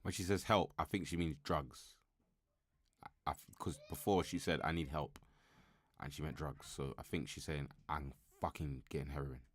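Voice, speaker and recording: A man's voice: very deep voice, moderate pace, long pauses. A man hosting a live reaction stream, commenting casually in a loose, slangy way and thinking aloud with frequent restarts.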